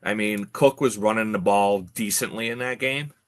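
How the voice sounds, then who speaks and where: A man co-hosting a sports podcast, talking casually with many pauses and fillers. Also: on the low side, fairly bright tone. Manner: hesitant, lots of uh and um. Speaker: podcast co-host.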